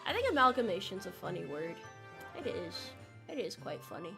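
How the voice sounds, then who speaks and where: With big pitch swings and vocal fry, this young woman speaks at medium pitch and a moderate pace. She's livestreaming, joking with her viewers and bursting into melodrama while faint music plays in the background.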